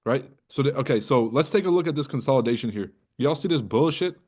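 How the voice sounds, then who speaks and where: A man's voice: mid-range voice, animated, fast talker, a little mellow. A man hosting a trading livestream in casual, profane, joking talk, roasting and teasing his viewers. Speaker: trading coach and livestream host.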